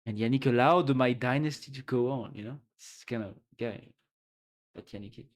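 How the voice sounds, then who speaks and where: A man from France with a French accent, streaming and chatting casually in English, playful and quick to laugh, often trailing off and restarting. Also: medium pitch. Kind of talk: casual live-stream chat.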